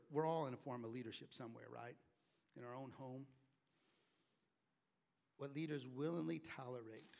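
A middle-aged man preaching a sermon in a conversational way and acting out the voices of people he quotes. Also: mid-range voice. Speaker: pastor.

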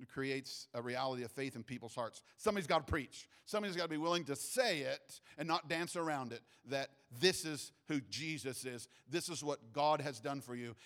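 A man's voice: fairly high pitch, fairly bright tone. A middle-aged pastor preaching a sermon in a conversational way, often restarting his phrases.

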